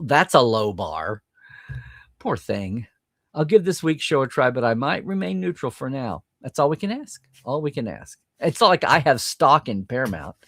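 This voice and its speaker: Animated man reading live chat. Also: medium pitch, no room sound. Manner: animated, chatty, reads viewer comments aloud and reacts.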